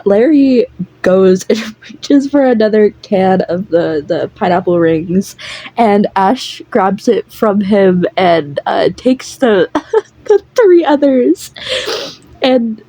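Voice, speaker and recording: A young woman narrating a casual fan audio story in a rambling, halting way with many fillers. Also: mid-range voice, lively intonation, warm tone, dry recording, rough recording.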